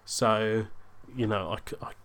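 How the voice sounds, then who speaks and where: With a lowish voice and measured pace, a young storyteller relates a casual anecdote. His telling wanders and doubles back on itself, getting animated in the bits where he quotes himself.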